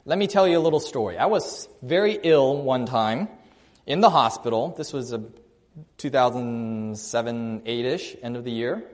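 A man preaching a sermon, telling a personal story in a conversational way and shifting his loudness and pace for emphasis. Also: mid-range voice, lively intonation, normal speed.

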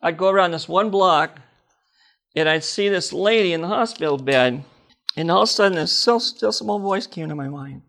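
Older man, preacher, testimony sermon, high voice, gravelly, animated storytelling. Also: moderate pace. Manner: animated storytelling, laughing, acting out dialogue.

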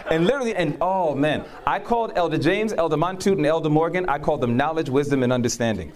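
A man with a slightly high voice talks quickly with few pauses while some chatter carries on behind him. He preaches and shares testimony from his own life in conversation, acting out what people said and laughing often as an animated storyteller.

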